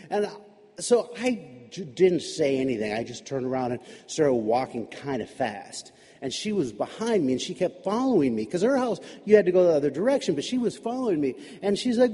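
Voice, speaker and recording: A man telling a personal story live, in a conversational and animated way. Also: sits high, fairly quick, breathy edge. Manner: conversational, animated, many restarts. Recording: reverberant hall.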